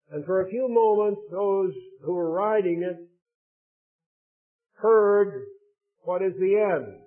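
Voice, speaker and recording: A man preaching in a grave, measured voice with a somewhat raised pitch. He reads scripture aloud with slow weight. The sound is thin and narrow, like a phone line. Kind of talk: sermon. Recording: tinny phone-like lo-fi recording.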